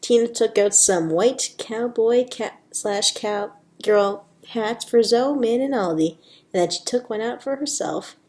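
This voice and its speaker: A woman casually reading fan fiction aloud, giggling and adding joking asides, at times softly to stay quiet. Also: on the high side, measured pace.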